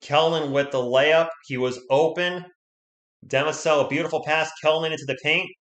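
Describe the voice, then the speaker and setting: Guy, bright tone, fan play-by-play caller, erupts into shouts on big plays, voice going hoarse. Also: on the high side, normal speed. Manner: excitable, swings from calm calls to shouting at big plays. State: losing his voice. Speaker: livestream play-by-play host.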